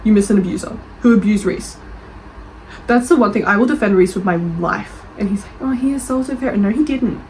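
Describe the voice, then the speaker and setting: An animated Australian woman in casual chat, her voice sitting at an ordinary middle pitch. She reacts quickly and defensively and swears without hesitation. A faint hiss sits under the voice. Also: low-quality recording. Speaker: book reviewer and author. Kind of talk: casual chat reading reviews aloud.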